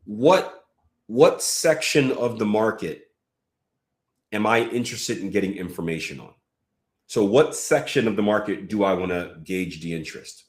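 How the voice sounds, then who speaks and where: A man with a fairly low voice leads a live trading lesson, talking loosely with fillers and restarts as he reads out viewer comments. The sound carries a noticeable room echo. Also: lively intonation, moderate pace. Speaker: trading coach.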